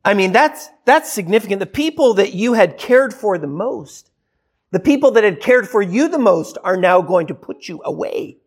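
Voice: mid-range voice, animated, normal speed, slightly rough. A preacher delivering a sermon in a conversational way, asking the listeners rhetorical questions and now and then acting out what people might say.

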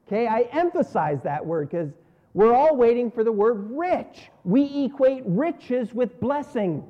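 A man preaching a sermon in an earnest style, rising on key words and falling low at the ends of phrases. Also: sing-song, unhurried. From North America. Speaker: pastor. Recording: dull lo-fi sound.

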